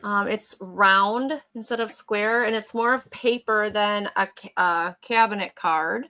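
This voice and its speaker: A woman's voice: medium pitch, unhurried, sharp tone. A middle-aged woman hosting a live vintage photo sale, chatting casually as she describes each item. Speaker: host selling vintage photos.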